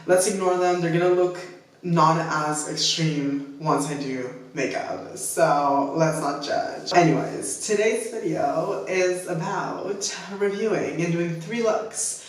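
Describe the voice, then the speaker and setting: A chatty, self-deprecating man talking through a makeup review in a somewhat high voice. He rambles into asides and jokes at his own expense. The sound is very echoey and a little distant from the mic. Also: slow. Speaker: beauty vlogger. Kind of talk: casual makeup review chat.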